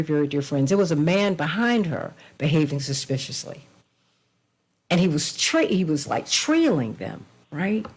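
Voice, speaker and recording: A woman's voice: low voice, darkish tone. A woman hosting a political talk show, speaking emphatically in a preacherly way and addressing her guests by name.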